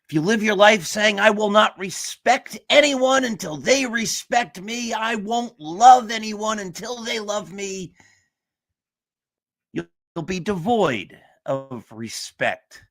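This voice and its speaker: A man's voice: on the high side, fairly bright tone. A man hosting a sports talk show, speaking in an earnest, emphatic way. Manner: earnest, emphatic motivational delivery. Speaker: show host.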